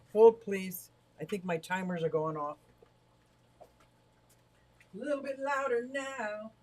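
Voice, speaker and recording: A chatty, excitable man livestreaming from his home fish room into a directional mic, talking to viewers while fiddling with his gear. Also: sits high, dry recording. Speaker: aquarium hobbyist livestreamer. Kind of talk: casual live stream chat to viewers. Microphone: directional microphone.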